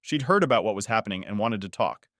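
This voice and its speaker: A man narrating first-person stories in an even, unhurried storytelling read. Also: on the low side, no room sound, clean studio sound. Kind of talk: scripted narration.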